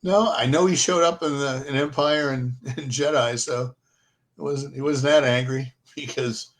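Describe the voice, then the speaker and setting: A man's voice: mid-range voice, fairly even intonation, normal speed. An older man co-hosting a casual chat, telling stories with many fillers and restarts. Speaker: podcast co-host.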